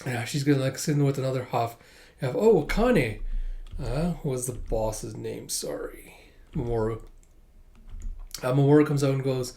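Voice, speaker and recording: A man's voice: medium pitch, normal speed, gravelly, pauses often, mellow. A man casually reading a manga chapter aloud and commenting on it, laughing readily. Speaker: manga reader and reactor. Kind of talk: casual read-along commentary.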